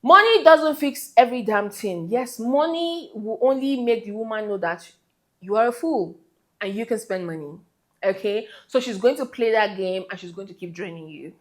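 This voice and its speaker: Woman, relationship vlogger, mid pitch, emphatic and scolding, direct address. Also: animated, moderate pace, fairly bright tone. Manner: emphatic, scolding, talks straight to the listener. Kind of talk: direct-to-camera advice talk.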